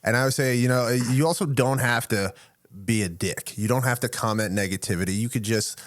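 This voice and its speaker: A man's voice: medium pitch, brisk, dry recording, studio quality. A man hosting a podcast, chatting casually and reflectively with his guest. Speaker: podcast host. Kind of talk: casual interview chat.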